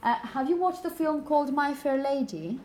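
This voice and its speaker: A woman's voice: high voice, expressive, moderate pace, warm tone, poor audio. Woman teacher lecturing a class. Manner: explanatory, asks the class questions.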